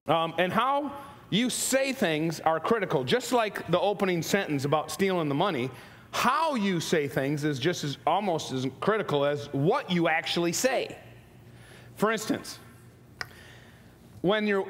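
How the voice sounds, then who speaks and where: A man's voice: high voice, lively intonation, unhurried, a bit bright, slight background noise. A man giving a humorous motivational talk to a live audience, playful and jokey, asking the crowd questions. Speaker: leadership speaker. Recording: long hall reverb, faint ambience.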